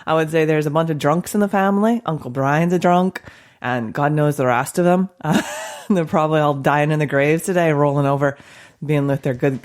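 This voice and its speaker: A woman's voice: sits low, fairly quick, darkish tone. A woman hosting a podcast in a studio, a counselor who chats frankly and laughs often. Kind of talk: casual podcast chat.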